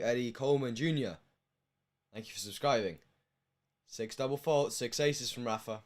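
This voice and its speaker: A young man from the United Kingdom commentating a match on a live stream, emotional, with hushed stretches and loud bursts. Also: mid-range voice, normal speed, soft background music.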